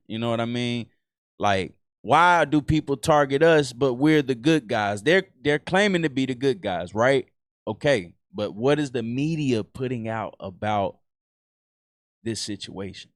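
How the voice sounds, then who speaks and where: A man's voice: mid-range voice, lively intonation, measured pace, no room sound, clean studio sound. A man with a Southern US accent, doing casual reaction commentary in a loose, profane, rambling way with many restarts. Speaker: reaction streamer.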